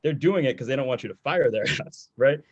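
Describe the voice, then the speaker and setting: A man's voice: mid-range voice, animated, brisk, slightly rough, dull audio. A man speaking on an online sales panel over a video call, direct and conversational. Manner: direct, conversational, repeats himself for emphasis.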